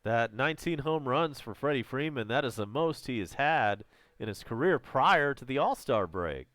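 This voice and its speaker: A man with a Southern American accent calling live baseball play-by-play as a fan, chatty between pitches and loud on home runs, his voice strained and close to giving out. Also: normal speed, no room sound. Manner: casual, chatty calls with excited home run shouts.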